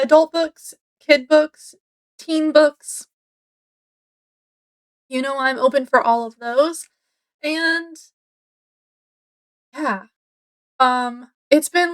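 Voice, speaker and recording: A woman's voice: high-pitched, fairly bright tone. A woman, rambling casually to camera at home as a book vlogger, with lots of fillers. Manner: rambling, chatty, many fillers. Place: home, indoors.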